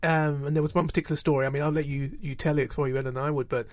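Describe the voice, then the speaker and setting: A male interviewer asking long, thoughtful questions in a measured way, with some hesitation. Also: fairly high pitch, steady tone, no room sound, clean studio sound. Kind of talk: conversational interview.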